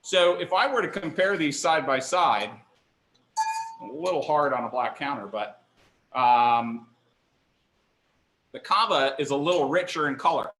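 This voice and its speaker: A man's voice: a little high, expressive, a little slow, pauses often, fairly bright tone, roomy sound. A middle-aged man leading a live online wine tasting class, chatty and enthusiastic, poking fun at himself. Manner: chatty, enthusiastic, self-deprecating. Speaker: wine instructor. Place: kitchen counter, indoors.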